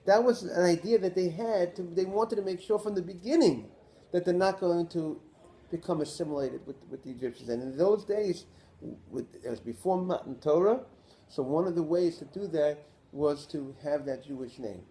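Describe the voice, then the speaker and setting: Rabbi guy giving a torah class, pretty high voice, lively, keeps asking the room questions. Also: moderate pace. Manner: animated, poses rhetorical questions to listeners.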